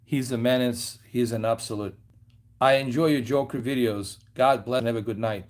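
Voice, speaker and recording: A man's voice: medium pitch, fairly even intonation, normal speed. Rambling man chatting on a home livestream. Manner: rambling, loose, with many fillers and trailing asides. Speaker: livestream host. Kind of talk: casual livestream chat. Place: lounge at home.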